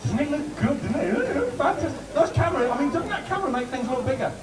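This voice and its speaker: A man doing joking warm-up patter for a TV studio audience. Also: extremely high pitch, fast, far from the mic, a crowd in the background. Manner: chatty, joking, lively. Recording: roomy studio heard from afar with audience.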